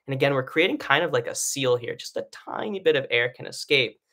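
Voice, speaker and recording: A man's voice: medium pitch, lively intonation, fairly quick, fairly bright tone. A man teaching an online singing lesson, explaining breathing in a casual way with lots of fillers and "right?" checks. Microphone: live stream setup.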